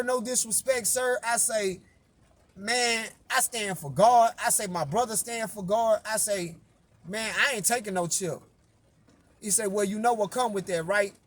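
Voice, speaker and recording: A man with a strikingly high voice tells a story in a loose, casual monologue. He acts out the dialogue as he goes, swearing freely and keeping it animated. He sounds worn out from too little sleep. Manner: animated, profane retelling that acts out quoted dialogue. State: tired after little sleep. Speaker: music artist and vlogger.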